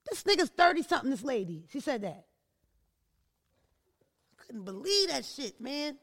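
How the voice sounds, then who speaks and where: A woman hosts her own podcast in a brash, profane comedic monologue, spinning stories with sudden outbursts. Her voice has a gravelly, fried texture and swings widely in pitch. The sound is dry and close, with no room behind it. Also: very animated, moderate pace, long pauses, no echo. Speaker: podcast host.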